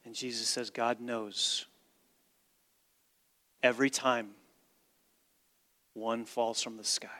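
Guy preaching in a church, goes from almost whispering to booming, big echoey hall. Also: level tone, slow pace, pauses often. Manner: dramatic swings from hushed to loud, emphatic. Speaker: pastor. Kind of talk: sermon. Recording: long reverb of a large hall.

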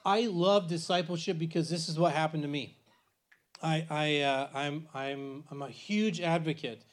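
A man's voice: a little high, fairly even intonation, normal speed. A man in his forties teaching a church bible class in a conversational way, with many restarts and frequent "right?" checks.

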